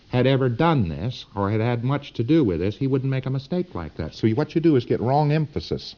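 A man's voice: medium pitch, dull audio. A man giving a lecture to students in a folksy, emphatic, digressive way.

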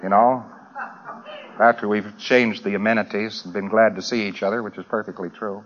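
A man's voice: fairly low pitch, fairly even intonation, moderate pace. An American man giving a humorous talk to a live audience, rambling with dry asides. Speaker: lecturer. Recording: dull lo-fi old recording.

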